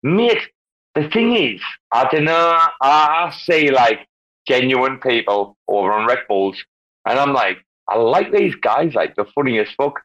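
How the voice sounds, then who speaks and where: A boisterous man who rambles and swears his way through loose banter, his pitch jumping all over the place. His voice comes through a muffled, lo-fi online call line. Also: lively intonation, a little slow, a bit bright. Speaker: guest speaker in a crypto audio space. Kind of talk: rowdy casual banter.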